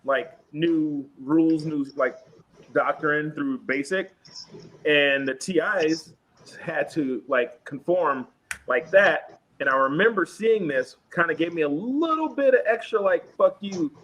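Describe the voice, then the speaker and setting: A young man hosting a casual veterans' chat, telling stories from basic training and shouting out the drill instructors' lines. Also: fairly high pitch, measured pace. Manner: animated, acts out yelling drill instructors. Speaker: podcast host. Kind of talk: casual storytelling among veterans.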